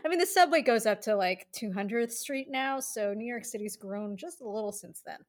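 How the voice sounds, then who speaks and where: Podcast co-host, woman, relaxed and amused narration. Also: on the high side, a little fast. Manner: tells researched history in an easy, amused way, laughs often. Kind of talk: casual history podcast chat.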